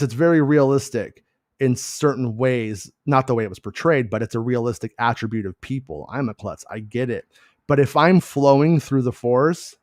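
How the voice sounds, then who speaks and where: A man's voice: no room sound, studio quality. Profane, rambling man on a fan podcast. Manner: rambling, animated, mocking asides in high put-on voices; profane, blunt rants. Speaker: podcast co-host. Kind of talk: casual fan podcast chat.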